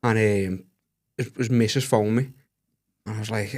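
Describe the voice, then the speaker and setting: A man's voice: on the low side, fairly even intonation, normal speed, darkish tone. A man co-hosting a podcast, telling a story with lots of stammered restarts. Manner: stammering restarts, laughs at his own story. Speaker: podcast co-host. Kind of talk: casual storytelling chat.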